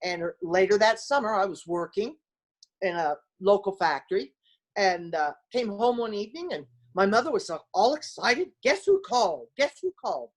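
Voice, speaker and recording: A woman's voice: mid-range voice, moderate pace. An older woman telling stories in a casual interview, acting out what people said and laughing as she goes. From small-town United States. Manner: animated storyteller who acts out quoted voices and laughs often. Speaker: former basketball player, interview guest.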